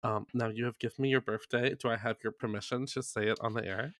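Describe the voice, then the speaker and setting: A man's voice: mid-range voice, steady tone, a bit bright, dry recording. Male podcast host, chatty and giggly, dry close-miked sound. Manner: chatty, giggly, quick to react. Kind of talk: casual chat.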